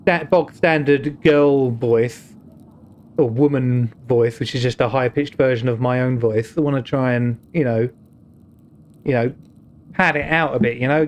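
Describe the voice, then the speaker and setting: A man's voice: mid-range voice, fairly even intonation, a little slow, slight background noise. A young British man streaming a game, talking in casual, joking, rambling commentary that mocks himself. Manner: joking, rambling, self-mocking.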